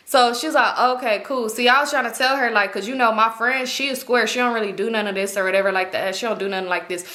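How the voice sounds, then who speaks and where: A woman's voice: a little high, fast, sharp tone. A young woman vlogger telling a story in casual slang, swearing freely and acting out what others said. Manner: slangy, profane, acts out quoted lines.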